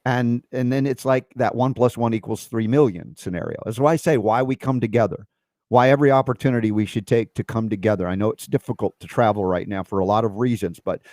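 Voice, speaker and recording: A man hosting a casual spiritual conversation, earnest and reflective, sometimes jumping up in pitch as he gets animated. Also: fast talker, no echo. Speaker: host.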